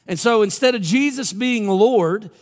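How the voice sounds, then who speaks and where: A male pastor preaching a sermon with dramatic storytelling, dropping to a low hush for emphasis. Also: measured pace, big-room sound. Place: church sanctuary.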